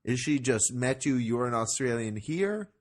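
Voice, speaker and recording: A man's voice: medium pitch, animated, moderate pace. A young man co-hosting a casual comedy podcast, dry and teasing, playing the straight man. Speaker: podcast co-host.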